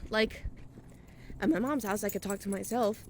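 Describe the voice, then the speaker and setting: Walking outdoors at night, this young woman vlogs in a loose, wandering monologue, cursing freely and slightly winded from the walk. She's a vlogger and podcaster whose medium-pitched voice is a little mellow and moves at a moderate pace. Some slight background noise can be heard.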